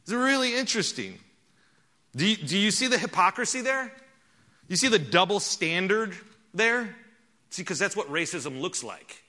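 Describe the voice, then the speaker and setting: A man's voice: high-pitched, very animated, moderate pace, pauses often, bright, forceful tone. A middle-aged man preaching a sermon in church as pastor, emphatic, with rhetorical questions and repeated words.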